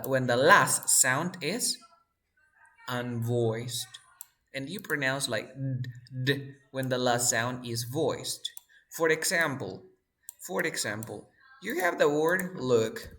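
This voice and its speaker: Casual: guy teaching sounds real slow, keeps quizzing the class. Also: medium pitch, bright, forceful tone. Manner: slow, repeats sounds and words, asks the class questions. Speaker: English teacher. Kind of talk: pronunciation lesson.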